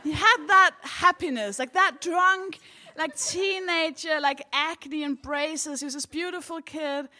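A woman's voice: sits high, a little slow, bright, forceful tone, a little hiss or hum. A woman co-hosting a comedy podcast, telling a stand-up story in a blunt, self-mocking way.

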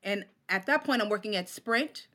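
A woman poet in her forties, a guest on a talk show, telling stories in an animated, casual way and acting out the voices of people she quotes. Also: medium pitch, moderate pace. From Oakland, California. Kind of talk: casual interview storytelling.

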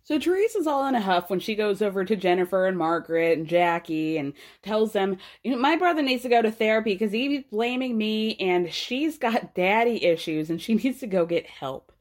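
A young adult woman hosting a podcast, recapping a reality show in casual, animated chat, swearing freely and mimicking the people she talks about. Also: medium pitch. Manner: animated, swears freely, mimics cast members in quick asides.

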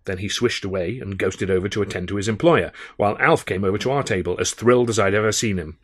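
Husky-voiced male audiobook narrator. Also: lowish voice, quick pace. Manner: wry, understated storytelling. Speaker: author reading his novel.

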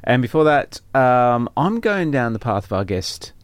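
A man's voice: medium pitch, very animated, a little slow, no room sound. A man chatting casually as a radio DJ, playful and a little hesitant as he introduces records. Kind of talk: casual on-air chat. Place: radio studio.

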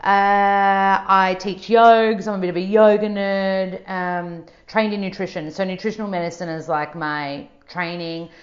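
A woman's voice: mid-range voice, fairly even intonation, a little slow, hardly any pauses, lo-fi sound. A woman, a chatty, bubbly podcast guest who laughs often. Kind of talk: casual chat.

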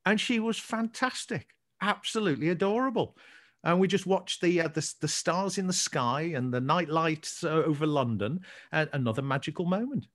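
Lively Scouse man chatting. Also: a little high, normal speed. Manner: chatty, animated storyteller. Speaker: co-host. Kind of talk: casual podcast chat.

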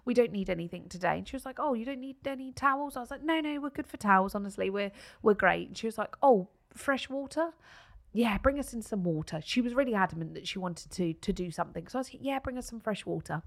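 A woman's voice: fairly high pitch, lively intonation, fast talker, gravelly. A British woman co-hosting a podcast, telling a family story in casual chat and swearing freely. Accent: British English. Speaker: podcast co-host.

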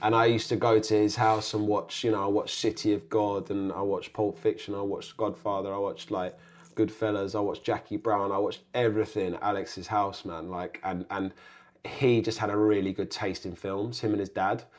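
A young adult man, an actor guest on an interview podcast, telling stories in a rambling, animated way. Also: fairly low pitch, normal speed. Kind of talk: casual interview chat.

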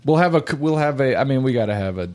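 A man's voice: mid-range voice, expressive, fast, darkish tone. A man hosting a podcast, talking loosely and casually, laughing and swearing as he goes. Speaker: podcast host. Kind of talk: casual chat.

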